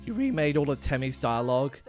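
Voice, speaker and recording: A man's voice: medium pitch, sing-song, a little fast, faint music behind. A man streaming a game live, chatting casually and rambling, laughing often as he talks. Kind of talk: casual live gameplay commentary.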